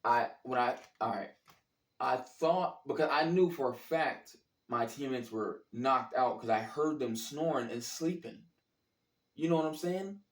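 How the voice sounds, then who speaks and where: Unhurried and medium-pitched, a man tells the story of a college basketball trip in a relaxed way, full of slang and cursing, performing his reactions as he goes. He sits far from the microphone in a room with noticeable echo.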